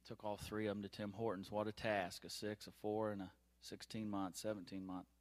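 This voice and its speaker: A man's voice: on the low side, flat delivery, a little fast. A man in his thirties preaching an informal sermon from a church platform, talking candidly and conversationally with personal stories and asides. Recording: long reverb of a large hall.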